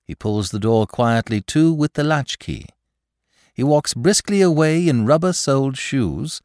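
A breezy, whimsical gentleman sleuth with a raised, lively voice that leaps about theatrically, as a man reads him. He sounds quick and airy, recorded in a dry, close space. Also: mid-range voice, no echo, voice pushed up, natural voice. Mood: animated. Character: flippant aristocratic young male sleuth.

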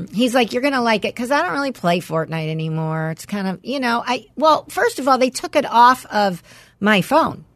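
A woman co-hosting a podcast in casual chat, quick to agree and laugh along. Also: on the high side, lively intonation, a bit bright, no echo. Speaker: podcast co-host.

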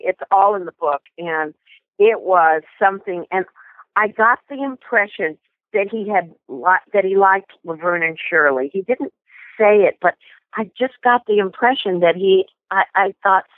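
An older woman, a guest in an interview, tells lively anecdotes and often restarts her sentences. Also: medium pitch, no echo. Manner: animated anecdotes with many restarts. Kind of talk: storytelling interview. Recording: tinny phone line.

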